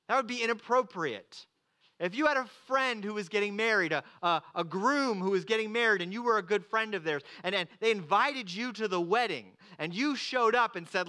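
A man preaching a sermon, earnest, moving from loud emphatic lines to slow, hushed ones. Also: high voice. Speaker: pastor.

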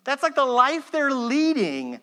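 Bright, earnest conversational preacher. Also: high-pitched, very animated, measured pace. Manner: conversational and earnest, pleading emphasis; frequent checking asides. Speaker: pastor. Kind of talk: sermon.

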